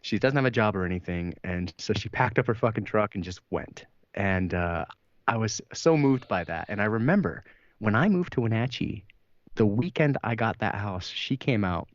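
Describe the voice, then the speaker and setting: Podcast co-host, man, lowish voice that swings widely in pitch; profane, laughing storyteller, dry dull mic. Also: moderate pace, no room sound. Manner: animated, swearing, laughs often, acts out quotes. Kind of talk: casual storytelling chat.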